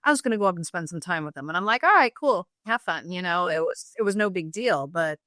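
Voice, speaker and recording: A woman's voice: lowish voice, quick pace, a bit bright, no room sound, studio quality. A woman guest on a podcast, reflectively recounting memories and acting out bits of remembered dialogue. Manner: reflective, acts out quoted dialogue. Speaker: guest, sister of the subject. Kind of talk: casual interview storytelling.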